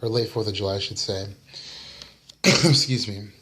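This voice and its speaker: A man's voice: on the low side, fairly even intonation, a little slow, pushed and bright. Tired man rambling through a tarot reading. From United States. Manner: rambling, apologetic, yawning, fillers. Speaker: tarot reader. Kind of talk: casual tarot reading vlog. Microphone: camera mic.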